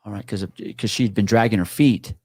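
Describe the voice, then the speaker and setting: A man's voice: lowish voice, brisk, a little mellow, dry recording, studio quality. A man telling a story in casual chat, swearing freely and acting out the people in it. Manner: swears freely, acts out quoted voices.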